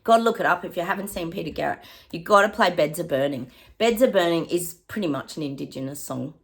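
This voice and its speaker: A middle-aged woman with an Australian accent, a psychic giving a chatty reading to her viewers, often pausing to say hang on and laughing. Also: on the low side, animated, gravelly. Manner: laughs often and hums snatches of songs.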